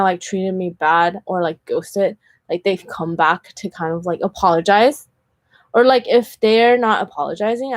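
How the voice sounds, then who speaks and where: Brief: woman, candid chatty vlogger, mid-pitched, dry close sound, filler-heavy storytelling. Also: no echo. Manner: earnest and candid. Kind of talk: casual storytelling vlog.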